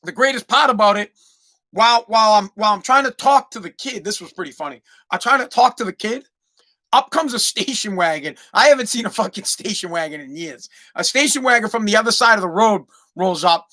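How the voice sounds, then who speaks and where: A man, hosting a podcast and telling a profane, animated story with many restarts. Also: sits high. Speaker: podcast host. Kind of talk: casual storytelling monologue.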